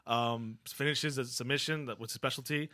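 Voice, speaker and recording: A man hosting a casual sports podcast, upbeat and quick, laughing often. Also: mid-range voice, fairly even intonation, sharp tone. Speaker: podcast host.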